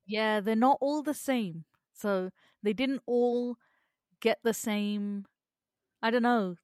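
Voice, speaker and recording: A woman's voice: fairly high pitch, slow, a little mellow, no echo, clean studio sound. A young woman and mother co-hosting a podcast in casual chat, reacting readily, laughing easily and swearing casually. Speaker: podcast co-host.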